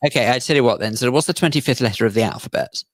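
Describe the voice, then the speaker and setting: A man's voice: mid-range voice, very fast, dry recording. A man co-hosting a radio show, chatting casually in a wry, teasing way and telling anecdotes. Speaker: radio co-host. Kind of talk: casual radio chat and storytelling. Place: radio studio.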